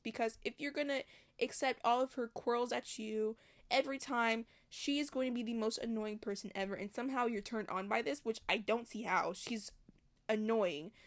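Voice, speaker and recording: A woman reading a novel aloud and breaking off into blunt, profane, exasperated commentary. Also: fairly high pitch. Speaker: audiobook reader and commentator.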